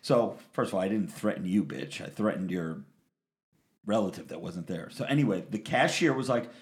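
Profane, animated storytelling man. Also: sits low, moderate pace. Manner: profane, animated, acts out quotes. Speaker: podcast co-host telling a story. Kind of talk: crude casual storytelling.

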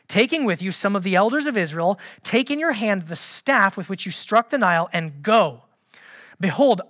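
A woman's voice: medium pitch, a bit bright. A woman preaching a sermon, reading scripture aloud and acting out quoted lines with dry sarcastic asides.

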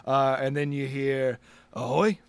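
Halting, higher-voiced male game master. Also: a bit bright, clear, resonant tone, no echo. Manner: halting, full of ums and laughs. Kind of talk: narrating a tabletop game.

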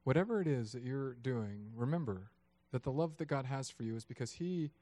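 A man in his thirties preaching a sermon, lively and acting out voices of God and people in his story. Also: medium pitch, fairly quick, no room sound. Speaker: pastor.

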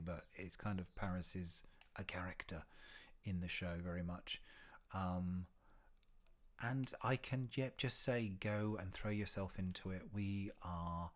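A man hosting a casual solo podcast, rambling and chatty with plenty of ums and restarts. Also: sits low. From United Kingdom. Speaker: podcast host.

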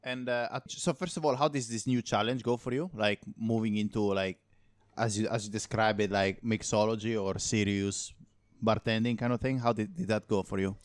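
A man's voice: fairly low pitch, fairly even intonation, normal speed, no room sound. A man interviewing a guest, asking questions in a loose, hesitant way with fillers.

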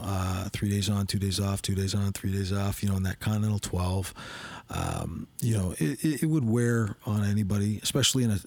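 Middle-aged man, podcast host, low and slightly husky, loose chatty storyteller who leans on fillers. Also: a little mellow, dry recording. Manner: rambling, filler-heavy, with frequent "you know". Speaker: podcast host and former police officer. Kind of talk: casual storytelling chat.

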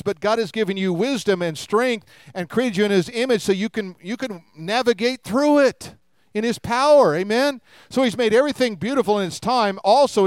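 Older male pastor, smooth and conversational. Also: sits high, no echo. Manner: conversational, humorous asides, rhetorical questions. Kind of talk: sermon.

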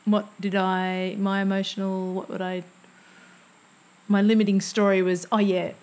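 A woman's voice: mid-range voice, flat delivery, moderate pace, a little mellow. Woman, 40s, podcast co-host, casual reflective chat, easy laugh.

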